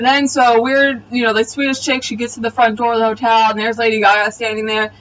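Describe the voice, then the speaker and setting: A woman's voice: a little high, flat delivery, quick pace, few pauses, a bit bright, distant mic, lo-fi sound, slight background noise. A woman giving a casual, blunt and profane spoken recap of a TV episode. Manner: blunt, profane, exasperated retelling. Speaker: TV episode reviewer. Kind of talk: casual video review recap.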